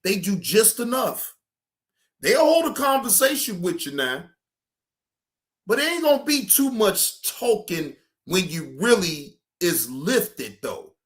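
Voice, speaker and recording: Profane high-voiced man ranting casually. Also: big pitch swings, takes it slowly. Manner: profane, drawling, emphatic. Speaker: streamer host. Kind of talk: casual live-stream rant.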